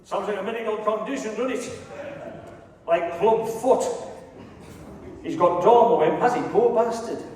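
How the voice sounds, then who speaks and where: High-voiced Teesside comedian in a hall. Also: male voice, unhurried, pauses often, darkish tone, slight background noise. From England. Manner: profane, rowdy, teasing the crowd. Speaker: stand-up comedian. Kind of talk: stand-up comedy routine. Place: large hall on stage. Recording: echoey hall from far off.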